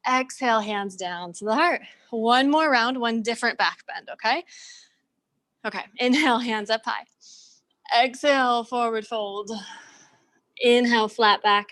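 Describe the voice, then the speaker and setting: A young adult woman teaching a yoga class over a video call, giving calm, steady breath and movement cues. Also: fairly high pitch, poor audio. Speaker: yoga instructor. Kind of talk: live-cued yoga class.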